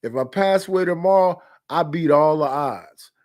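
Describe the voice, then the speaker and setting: Man, fifties, podcast host, blunt, candid, repetitive, somewhat high voice. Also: moderate pace, darkish tone. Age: 50s. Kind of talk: casual storytelling chat.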